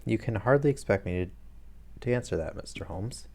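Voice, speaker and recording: A man's voice: fairly low pitch, expressive, fairly quick, gravelly, darkish tone. A man voicing a fat, nervous, frightened middle-aged man who pleads anxiously.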